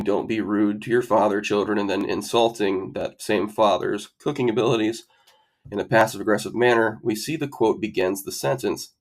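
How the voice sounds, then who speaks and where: A low-voiced man with a gravelly, fry-laced tone walks through test grammar rules step by step. He keeps a methodical tutoring pace and slips in dry, wry asides. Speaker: SAT tutor. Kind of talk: explaining grammar rules over slides.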